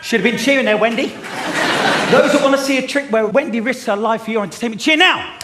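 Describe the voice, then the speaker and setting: A man doing a magic act on a theatre stage, bantering cheekily and loudly with the audience. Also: very high-pitched, fast talker. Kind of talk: comic stage patter with audience. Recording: live theatre with loud crowd and noise.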